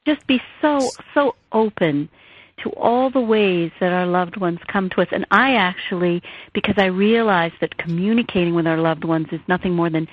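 A woman with a husky, breathy voice tells personal stories, voicing the quotes with animation. She comes through a tinny, dry phone connection. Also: fairly low pitch, moderate pace, dry recording. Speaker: author and therapist guest. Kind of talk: storytelling interview talk. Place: at home on a phone line.

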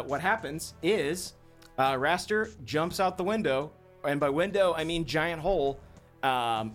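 A man's voice: fairly high pitch, a bit bright. A young man running a tabletop game as game master, casual and hesitant with lots of ums and self-corrections. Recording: faint background music.

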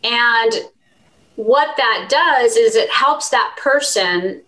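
A woman guest on a podcast, talking earnestly and warmly about her work as an animal communicator in a relaxed interview. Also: fairly high pitch, very slow, poor audio. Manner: earnest, heartfelt storytelling. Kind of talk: conversational interview.

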